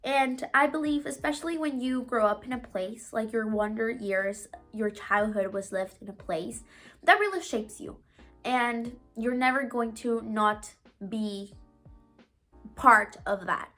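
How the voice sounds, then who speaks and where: A woman's voice: a little high, measured pace, fairly bright tone, faint music behind. A young woman from Mexico, a Spanish speaker, giving casual advice to her vlog viewers in an earnest, chatty way full of "like" and "you know". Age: young adult. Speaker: vlogger.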